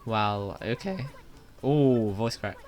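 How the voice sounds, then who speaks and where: A man's voice: lowish voice, slow, darkish tone, soft background music. A man voicing a small, frightened young male puni creature who talks in a jumpy, pleading way in a video game.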